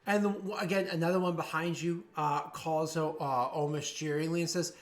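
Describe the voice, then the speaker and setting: Male game master, slightly higher voice, rambling casual narration, drops into raised jeering voices for thugs. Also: fairly even intonation, a little fast, few pauses. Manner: rambling, many fillers and restarts.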